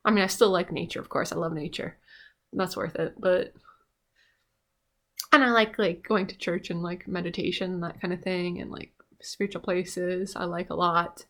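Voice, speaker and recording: Bright-voiced woman rambling casually. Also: mid-range voice. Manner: rambling, profane, many "like" fillers. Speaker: vlogger. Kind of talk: casual monologue to camera.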